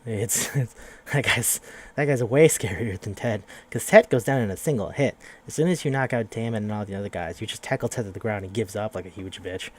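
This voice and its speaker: On a podcast, a young male host with a lowish voice briskly rambles through a video game's plot. He swears casually and performs the characters' lines as he recaps.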